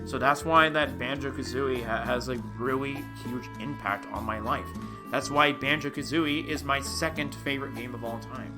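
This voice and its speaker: Young male streamer, mid-pitched, emotional and rambling, chatty with his viewers, music playing underneath. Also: moderate pace. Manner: emotional, rambling, addresses chat as dude. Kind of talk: casual live-stream chat. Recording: clear music playing behind.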